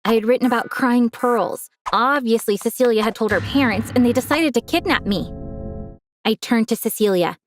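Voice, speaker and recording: Young woman telling her story first-person, earnest and dramatic, fairly high voice. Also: moderate pace, faint music behind. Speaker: narrator.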